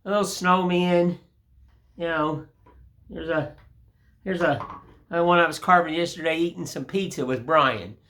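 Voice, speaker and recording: A man's voice: a little high, normal speed, pauses often, fairly bright tone. An older man hosting a woodcarving channel, chatting in a rambling, folksy way while he shows his work. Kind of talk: casual tutorial chat.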